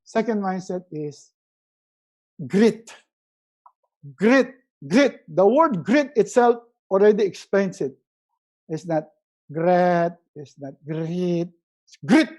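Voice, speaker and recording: A man with a Filipino accent giving a motivational webinar talk as a resiliency coach, emphatic and repeating key words, often dropping his voice low and soft to stress a point. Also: expressive, slow pace, pauses often, poor audio. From Philippines.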